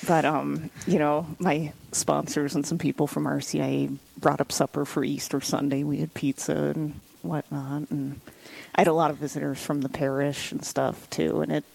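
Interview guest: woman, low and gravelly, husky, chatty, quick to laugh. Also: little pitch movement, a little mellow, low-quality recording. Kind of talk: casual storytelling interview.

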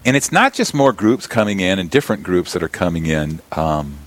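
Deep-voiced man chatting on radio. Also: big pitch swings, fairly quick. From South Dakota. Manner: chatty, rambling, with frequent restarts. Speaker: deacon and abbey representative. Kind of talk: casual radio interview chat. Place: radio studio. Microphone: studio mic with headphones.

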